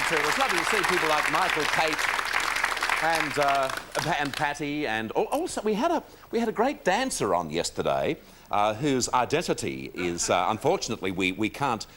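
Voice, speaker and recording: An Australian man hosting a live TV talk show, rambling and joking with the studio audience, often laughing. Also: fairly low pitch. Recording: 1980s TV broadcast, loud audience noise.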